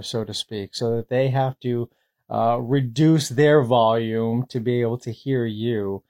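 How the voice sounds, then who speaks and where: Therapist man, middle-pitched, calm and soft-spoken, direct-to-camera advice. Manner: calm, soft-spoken, easy pace with pauses. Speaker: therapist giving tips. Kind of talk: short advice video to camera.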